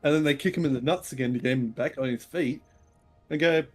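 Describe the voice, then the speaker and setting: A man's voice: fairly high pitch, fast talker, faint music behind. A man chatting casually while gaming, blunt and full of swearing. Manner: blunt and heavily profane. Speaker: co-player. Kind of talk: casual chat while playing.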